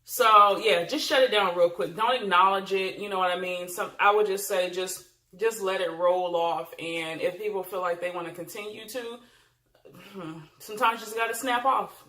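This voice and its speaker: A woman's voice: mid-range voice, moderate pace, bright, forceful tone. A woman vlogger giving casual advice to camera, chatty and emphatic, with frequent fillers. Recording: roomy echo.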